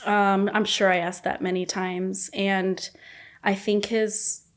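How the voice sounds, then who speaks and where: A woman's voice: medium pitch, little pitch movement, slow pace. A young woman as a podcast guest, candidly retelling a painful story, blunt and swearing freely.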